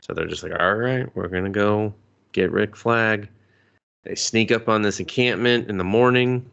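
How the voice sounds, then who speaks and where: Man, podcast co-host, casual movie talk, animated and crude, lowish voice, bright forceful tone. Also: moderate pace, creaky, clear, resonant tone, highs cut off. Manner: animated, profane, jumps to high pitch for jokes. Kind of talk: casual movie review chat.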